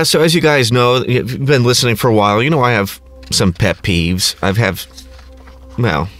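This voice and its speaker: A man's voice: lowish voice, fairly bright tone. A middle-aged man hosting his own podcast, ranting casually in a crass, sarcastic, rambling way. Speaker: podcast host. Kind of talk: casual comedic rant.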